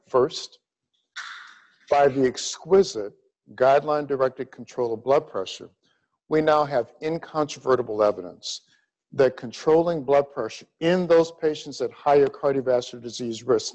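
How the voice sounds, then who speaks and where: A middle-aged man from Louisiana giving a grand rounds medical lecture, emphatic and deliberate in his pacing. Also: mid-range voice, a little mellow, poor audio. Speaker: cardiology lecturer.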